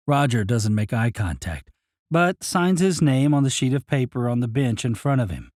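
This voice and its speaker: A man's voice: mid-range voice, animated, normal speed, a little mellow, dry recording, studio quality. A man narrating an audiobook in the first person in a plain, matter-of-fact way.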